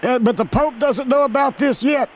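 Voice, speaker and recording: A man doing a squeaky, fretful rambling caller. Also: moderate pace, a little hiss or hum. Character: nervous rambling caller, sports-mad churchgoer.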